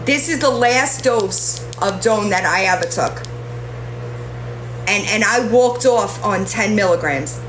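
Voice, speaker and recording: A young woman chatting casually on a live stream, rambling and often breaking off to coo at her cat in a high baby voice. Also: animated, slow pace, noisy background. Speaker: livestreamer. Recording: echoey home room.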